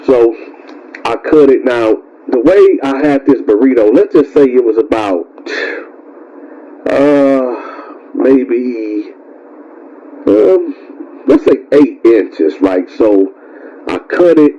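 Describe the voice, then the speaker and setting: A man's voice: mid-range voice, slow pace, pauses often, dull audio. Stammering man telling a casual story. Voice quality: stammers and repeats words, calls himself tongue-tied. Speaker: storyteller and channel host.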